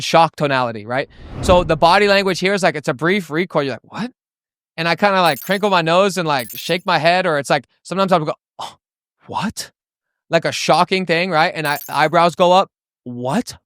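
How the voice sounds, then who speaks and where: A young man coaching sales tonality to camera, animated and acting out the tones he explains. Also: sits high, no echo, studio quality. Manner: animated, demonstrates tones with his voice. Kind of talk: energetic teaching to camera.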